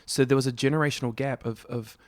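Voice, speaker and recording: A man in his thirties, a podcast guest in casual chat, animated, swearing freely and often laughing as he tells stories. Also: mid-range voice, fast talker, no room sound.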